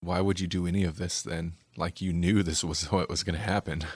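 Low-voiced rambling podcast host. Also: male voice, fairly even intonation, a little fast, slightly rough, dry recording, clean studio sound. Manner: rambling, with lots of "like" and self-deprecating laughs. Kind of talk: casual chat.

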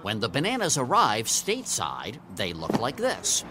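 A man's voice: medium pitch, huge pitch swings, normal speed, noisy background. A man presenting a light news feature, playful and chatty, moving between narration and interviews. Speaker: correspondent.

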